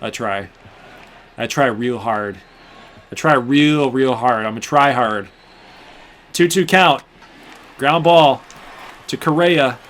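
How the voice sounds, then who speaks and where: A man's voice: medium pitch, slow pace, pauses often, fairly bright tone, a little hiss or hum. Chatty man calling his own game. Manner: chatty play-by-play, talking to viewers while playing. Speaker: gaming channel host. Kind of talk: casual gameplay commentary.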